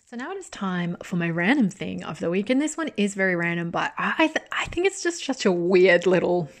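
A woman's voice: on the low side, big pitch swings, fairly quick. Woman podcast host, casual drama-review monologue, chatty, sweary, laughs often.

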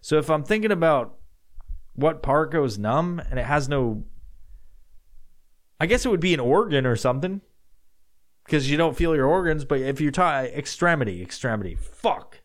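A man's voice: a little high, lively intonation, moderate pace, long pauses. A man hosting a solo podcast, rambling casually and swearing often while he answers odd questions, sometimes laughing at himself. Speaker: podcast host.

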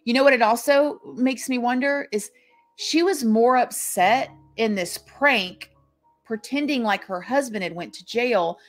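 A woman's voice: on the high side, unhurried, soft background music. A woman hosting a true crime commentary, speaking emphatically and indignantly. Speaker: true crime channel host.

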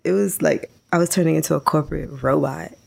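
A woman telling stories in casual chat, animated, laughing often and acting out what people said. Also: sits low, quick pace, gravelly. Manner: animated storyteller, laughs a lot, acts out quotes.

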